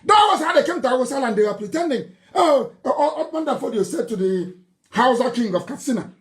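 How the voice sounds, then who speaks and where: Nigerian man, fiery live broadcast speech, mocking laughs, bursts of shouting. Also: very high-pitched, expressive, brisk. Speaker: political broadcaster.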